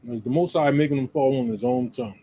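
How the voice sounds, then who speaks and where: A man's voice: medium pitch, fast talker, dark tone, slight background noise, rough recording. A man co-hosting a casual discussion who makes emphatic, preacher-like points. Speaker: podcast co-host.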